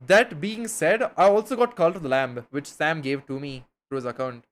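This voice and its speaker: A man's voice: a little high, normal speed. A young man from India, chatting casually with his stream viewers in a slangy, rambling way, swearing now and then.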